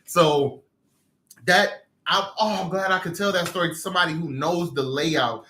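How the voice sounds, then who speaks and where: Man, casual live chat, emotional and tearful, bright tone. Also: a little high, moderate pace, reverberant, slight background noise. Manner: emotional, laughing, tearful storytelling. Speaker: livestream host.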